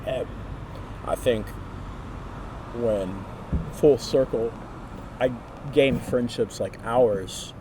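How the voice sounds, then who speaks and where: A man's voice: medium pitch, drawn-out words, long pauses. A man in his twenties talking casually with a friend, telling a story with lots of expression and acting out other people's lines. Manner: animated storyteller who acts out quotes. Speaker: vlogger. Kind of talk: casual conversation. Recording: distant mic with clear noise.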